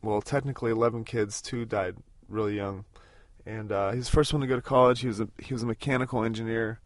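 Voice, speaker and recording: A man's voice: lowish voice, steady tone, fast talker, no room sound, studio quality. Rambling man hosting a road-trip podcast. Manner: rambling, with many fillers and restarts. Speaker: podcast host. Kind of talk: casual spoken podcast recorded on a road trip.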